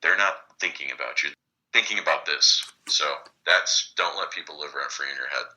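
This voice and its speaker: A man in his forties with a very deep voice and a sharp, bright edge. He talks in a flat, steady monotone and stays level even when he describes a panic. It is relaxed podcast chat. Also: normal speed, low-quality recording. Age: 40s. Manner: monotone, even-keeled delivery. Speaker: podcast co-host, lawyer.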